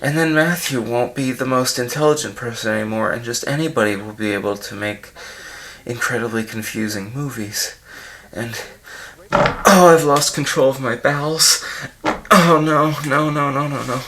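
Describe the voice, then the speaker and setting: A man's voice: medium pitch, normal speed, fairly bright tone, close to an everyday voice. A man playing an unwell, pompous male art-film director who rambles and panics in an improvised comedy commentary track. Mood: rambling. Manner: rambling, self-important, panicky. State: unwell and dizzy.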